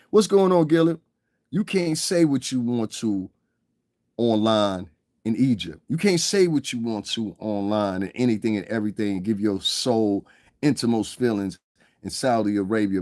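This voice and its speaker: A livestream commentator holds forth in a mid-range, darkish voice, recorded dry and close with no echo, rambling from rant to anecdote in casual talk. He swears freely, laughs often at his own stories, and keeps asking "you understand what I'm saying" to check that you follow him.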